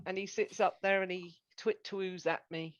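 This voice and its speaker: A woman's voice: medium pitch, fairly even intonation, normal speed, dull audio, crowd noise. A woman co-hosting a podcast, chatting casually and giggling often. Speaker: podcast co-host. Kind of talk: casual chat.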